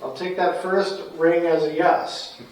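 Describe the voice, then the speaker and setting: A man on a ghost hunt in an old house at night, asking questions into the dark in a hushed voice. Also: a little high, level tone, slow pace. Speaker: paranormal investigator. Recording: very echoey, distant.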